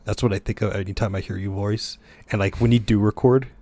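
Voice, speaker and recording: Low-voiced man, laughing animated podcast host. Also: fairly quick, no echo. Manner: laughs often, animated storyteller. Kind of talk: casual podcast chat.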